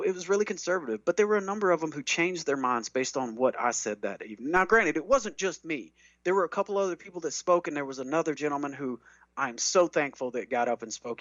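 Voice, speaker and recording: A man's voice: medium pitch, a bit bright, no room sound. A man who talks earnestly about medical cannabis, rambling along with fillers and restarts. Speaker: cannabis advocate speaker. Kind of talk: conversational talk. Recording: dull dry lo-fi sound.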